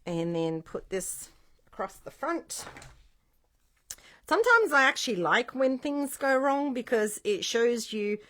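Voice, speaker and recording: A woman's voice: fairly high pitch, big pitch swings, measured pace, fairly bright tone. A woman, middle-aged, giving a casual card-making tutorial, chatty and encouraging as she thinks aloud while she works.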